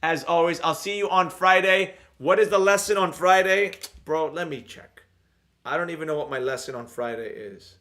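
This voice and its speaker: A man hosting his own live stream on trading, chatting loosely and answering viewer comments in a rambling, energetic way. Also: a little high, normal speed. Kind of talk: casual live-stream chat reading comments.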